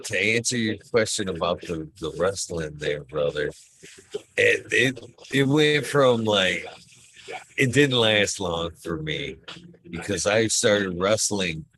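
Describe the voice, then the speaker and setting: Laid-back guy with a lowish voice, profane, telling stories animatedly. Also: takes it slowly, low-quality recording. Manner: profane, animated storytelling, calls people brother. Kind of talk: casual chat.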